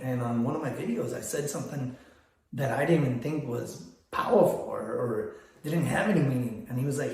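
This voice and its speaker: A man's voice: medium pitch, fairly quick, dark tone. Rambling older man in an echoey room. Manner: rambling, storytelling with many restarts. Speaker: photography business vlogger. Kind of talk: casual vlog monologue.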